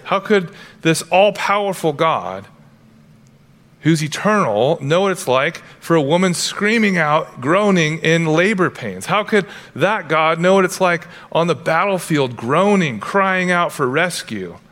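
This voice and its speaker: A man's voice: a little high, expressive, unhurried, a bit bright. A male pastor preaching a sermon, earnest and emphatic, breaking into playful asides now and then.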